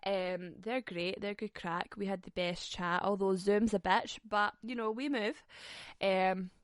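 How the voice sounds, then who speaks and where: A woman's voice: medium pitch, steady tone, no echo. Sassy woman, twenties, podcast host; sweary, giggly banter, dead-dry recording. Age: 20s. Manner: sweary, sassy, quick to laugh. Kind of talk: casual solo podcast chat.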